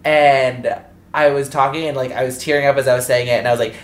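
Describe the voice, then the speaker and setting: A young woman chatting casually, telling blunt, profane stories with lively energy. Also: very deep voice, fast, echoey room. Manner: blunt, profane, animated storytelling. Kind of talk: casual chat.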